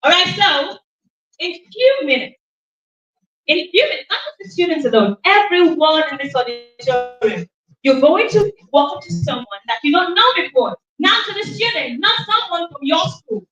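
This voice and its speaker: Woman, event host, motivational stage talk, bright voice, roomy hall echo. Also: extremely high pitch, normal speed, far from the mic, soft background music. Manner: lively, calls out questions for the audience to answer. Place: conference auditorium. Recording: echoey hall, from off the mic.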